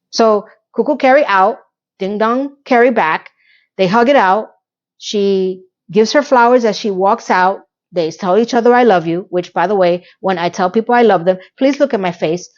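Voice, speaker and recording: A woman recapping a TV episode in an animated, exasperated rant, sarcastic and talking straight to her viewers, a little hoarse from losing her voice. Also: mid-range voice, measured pace, lo-fi sound. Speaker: TV recap vlogger.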